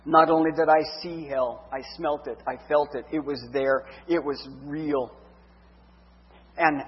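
A man's voice: on the high side, breathy edge, lo-fi sound. Earnest man preaching in an echoey hall. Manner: earnest storytelling, heartfelt. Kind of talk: sermon testimony.

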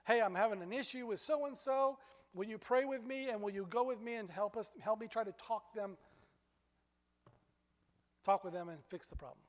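This pastor's sermon is full of animated stories, his voice soaring higher when he gets worked up, all carried on a long reverb tail.

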